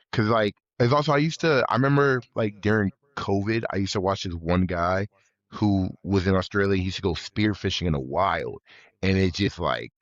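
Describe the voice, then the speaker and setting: A young American man, a college football player, talking as a guest in a remote interview, relaxed and halting, often repeating himself. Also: low voice, dull audio. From United States. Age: young adult.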